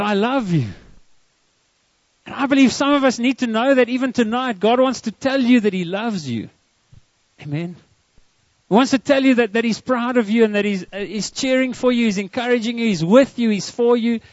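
High-voiced earnest male preacher. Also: moderate pace, no room sound, highs cut off. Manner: earnest, repeats words when starting lines. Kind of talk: sermon. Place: church service.

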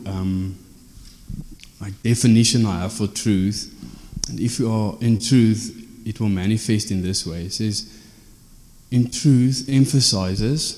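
A male preacher talks through scripture in a relaxed, conversational way, checking in with his listeners through tag questions. His voice sits low, with a mellow, dark tone. The sound rings out with the long reverb of a hall. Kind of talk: informal teaching sermon.

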